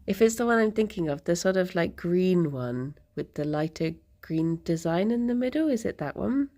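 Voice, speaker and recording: A woman's voice: fairly low pitch, lively intonation, moderate pace, warm tone. A young woman from near London, chatting casually with her stream viewers, laughing often and losing her thread mid-sentence. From England, near London. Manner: chatty and giggly, drifting off mid-thought.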